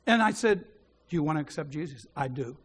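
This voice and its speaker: A male preacher with a fairly high, very lively voice tells a story from the pulpit. He acts out each person's lines and drops to a hush for the prayers he quotes. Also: a little fast, husky. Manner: animated storyteller who acts out the dialogue. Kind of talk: sermon storytelling.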